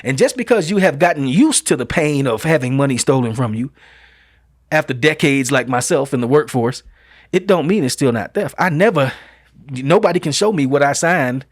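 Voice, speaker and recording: A man's voice: medium pitch, expressive, moderate pace, no room sound, clean studio sound. A middle-aged man hosting his show, delivering an emphatic opinion monologue full of rhetorical questions and folksy vernacular. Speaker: show host.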